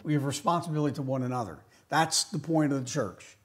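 A man preaching a sermon as pastor, slowing down to stress key phrases and shifting from loud emphatic lines to quiet asides. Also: medium pitch. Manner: slows right down on key phrases.

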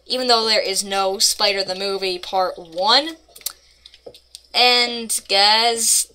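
A woman's voice: on the high side, fairly even intonation, unhurried, bright, forceful tone. A woman casually commenting on her own gameplay, playful and mock-dramatic, rambling between asides. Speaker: gaming channel host.

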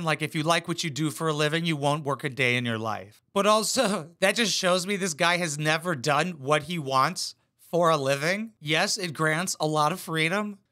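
A man's voice: a little high, pushed and bright. Guy ranting sarcastic commentary over clips, swears a lot, bouncy up-and-down voice. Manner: sarcastic, profane, roasting. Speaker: reaction video host.

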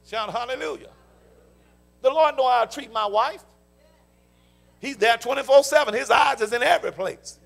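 High gravelly preacher in full call-and-response. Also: male voice, moderate pace, long pauses, fairly bright tone, faint music behind. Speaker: pastor. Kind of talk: sermon. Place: church sanctuary.

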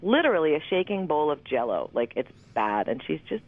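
A woman's voice: low-pitched, very animated, brisk. A woman in her fifties, a guest in a casual interview, rambling candidly and swearing freely. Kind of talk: casual phone interview chat. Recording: tinny phone line.

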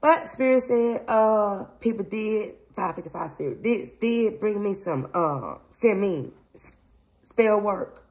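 In a rough recording, a psychic medium talks slowly to her viewers in a medium-pitched, darkish, animated voice. Her casual spiritual vlog is rambling and emphatic, full of laughter and "y'all."

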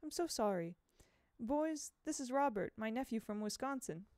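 A woman voicing a gracious, cheerful schoolteacher in an audiobook reading, with bright welcoming exclamations. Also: fairly high pitch, lively intonation, normal speed, dry recording, studio quality, pitched above the performer's own voice, natural voice. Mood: sympathetic.

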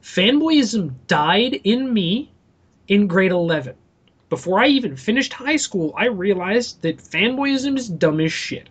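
A man's voice: high-pitched, animated, a little slow, fairly bright tone, breathy edge. A young adult man co-hosting a casual podcast, ranting animatedly and swearing freely. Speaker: podcast co-host.

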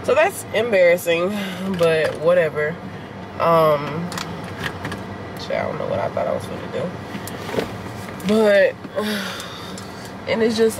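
A woman's voice: lowish voice, noisy background. A woman vlogger chatting candidly and rambling straight to her viewers from inside a car. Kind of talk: casual self-filmed vlog chat.

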